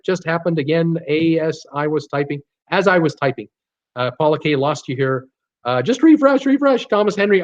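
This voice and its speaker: A man's voice: a little high, dull audio. A man from Canada with a slight Canadian accent hosts a casual live stream, reading out chat messages and answering with lots of laughs and fillers. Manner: chatty, laughs often, many fillers and restarts. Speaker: cruise channel host reading live chat. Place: home room with computer.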